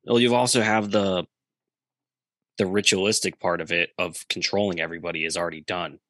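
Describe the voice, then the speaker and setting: A man's voice: deep voice, steady tone, brisk, fairly bright tone, no echo. A man musing hesitantly in casual podcast chat, with many restarts.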